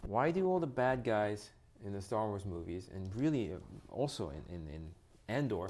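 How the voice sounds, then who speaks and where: A man's voice: on the low side, very animated, normal speed, darkish tone, a little hiss or hum. A man co-hosting a casual chat, ranting animatedly and stammering over repeated words. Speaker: co-host.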